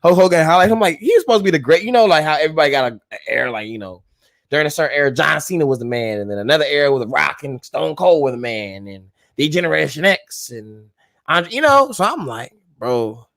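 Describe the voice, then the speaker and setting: A man co-hosting a podcast, chatting casually in a lively, joking, rambling way. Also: on the high side, fast talker, gravelly. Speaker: podcast co-host. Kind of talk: casual chat.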